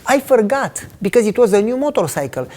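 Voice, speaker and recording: A man's voice: high voice, sing-song, brisk, a little mellow. A male pastor preaching a sermon, telling a personal story earnestly and dropping to a whisper to stress points.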